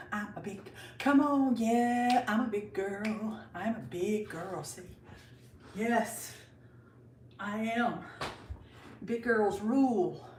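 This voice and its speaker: A woman's voice: medium pitch, reverberant, distant mic, a little hiss or hum. An older woman chatting casually with viewers on a livestream from her kitchen, greeting them by name, a bit out of breath. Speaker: livestream host. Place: kitchen at home.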